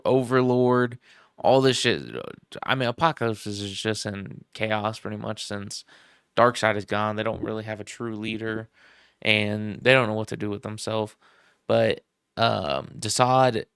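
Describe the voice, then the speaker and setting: A man hosting a casual comic book review, talking excitedly with slang and swearing. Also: on the low side, vocal fry, no echo, clean studio sound. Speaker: comic book channel host.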